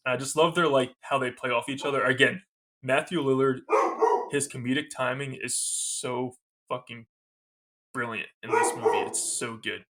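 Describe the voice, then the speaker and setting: A man's voice: medium pitch, steady tone, normal speed, sharp tone. A man co-hosting a podcast, recapping a movie scene by scene in a loose, rambling way, gushing like a fan. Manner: loose and rambling, with many fillers. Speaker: podcast co-host. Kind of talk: casual movie review recap.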